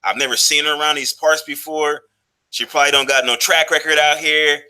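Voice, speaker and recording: A man's voice: on the high side, steady tone, a little fast, sharp tone, clear, resonant tone. A man in his thirties telling a personal story in a loose, profane, casual monologue, full of fillers and restarts. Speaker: vlogger.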